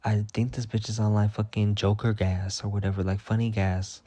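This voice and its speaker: A man's voice: lowish voice, flat delivery, normal speed, mellow. A man telling a workplace story in a casual, heated rant, swearing constantly and sounding fed up. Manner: profane, heated and exasperated. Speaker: vlogger.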